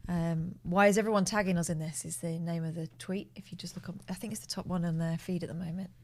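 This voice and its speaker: A woman's voice: on the low side, fairly even intonation, fast talker, darkish tone, slight background noise. A woman co-hosting a casual livestream, giggly and chatty in easy banter. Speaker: co-host.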